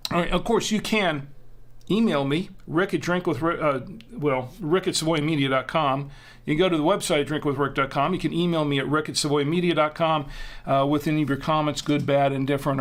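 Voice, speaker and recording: A man hosting a live drinks show, chatting casually and rambling with many fillers and restarts. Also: on the high side. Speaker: host. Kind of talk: casual livestream chat.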